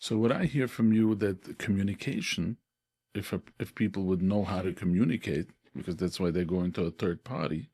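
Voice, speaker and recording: A man's voice: low voice, fast talker, darkish tone, slightly rough, no echo. A man hosting an interview, mostly offering brief agreeing remarks. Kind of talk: casual interview.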